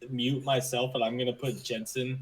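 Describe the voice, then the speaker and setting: A man's voice: medium pitch, level tone, moderate pace, slight background noise, poor audio. A male streamer hosting his live stream, talking casually with frequent fillers and easy laughter. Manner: hesitant, many fillers, laughs easily. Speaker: streamer and host. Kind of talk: casual livestream chat.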